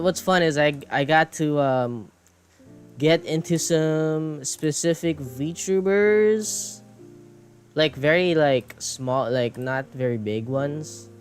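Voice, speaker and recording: Slow, rambling, self-mocking man. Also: on the high side. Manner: rambling, self-mocking, swears, laughs often. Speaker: streamer and animator. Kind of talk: casual chat while drawing. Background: soft background music.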